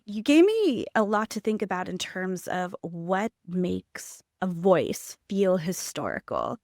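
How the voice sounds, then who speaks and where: A woman's voice: fairly low pitch, big pitch swings, slow, a little mellow, no echo, studio quality. A woman podcast host in a conversational interview, curious and asking follow-up questions.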